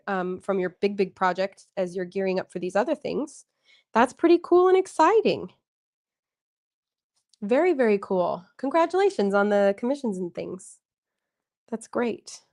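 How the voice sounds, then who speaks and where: A woman's voice: mid-range voice, a little mellow. A woman hosting a casual livestream, chatting and encouraging viewers as she reads out their comments. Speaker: livestream host.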